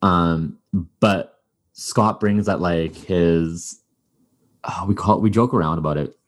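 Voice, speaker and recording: With a deep voice and a slow pace, a podcast host chats casually and rambles, full of fillers and restarts.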